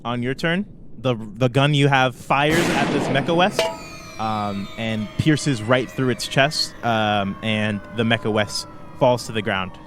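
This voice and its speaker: A man narrating as game master for a tabletop game, loose and hesitant with many pauses. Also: medium pitch, over music. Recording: faint background noise.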